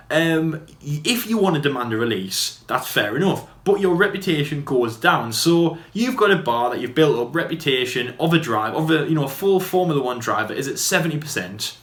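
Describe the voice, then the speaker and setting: A man co-hosting a podcast, chatting casually in a quick, rambling way full of fillers and restarts. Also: a little high, lively intonation, a bit bright. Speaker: podcast co-host. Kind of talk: casual debate chat. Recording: echoey room.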